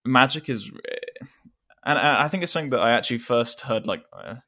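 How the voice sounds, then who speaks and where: A man's voice: medium pitch, lively intonation, a little fast, pushed and bright. English man rambling through an anecdote. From England. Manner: rambling with frequent restarts and fillers, chuckling often. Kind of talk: casual conversational anecdote.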